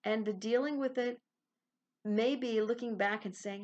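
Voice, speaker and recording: A woman's voice: a little high, unhurried, darkish tone. A woman hosting a spiritual self-help podcast, talking casually and with animation, laughing and acting out small quoted exchanges. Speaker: podcast host.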